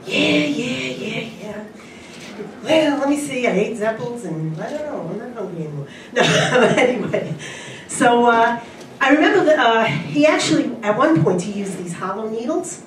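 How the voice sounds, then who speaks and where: A woman's voice: on the high side, expressive, slight background noise. Woman doing stand-up in an echoey room. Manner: punchy, drawn-out delivery with laughs. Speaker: stand-up comedian. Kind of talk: stand-up comedy set. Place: convention stage. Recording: echoey room from far off, loud ambience. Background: audience laughter.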